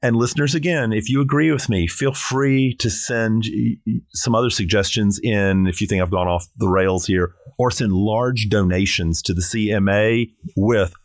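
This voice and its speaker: Playful man, low dry voice. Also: moderate pace, no echo. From South Carolina. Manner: playful, theatrical, jokey. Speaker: drag performer guest. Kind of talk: casual podcast chat.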